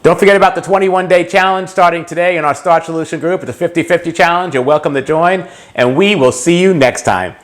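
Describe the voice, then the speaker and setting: A man's voice: on the high side, quick pace, few pauses. A man hosting a cooking video, casually explaining a recipe step by step and then tasting it. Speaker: cooking channel host.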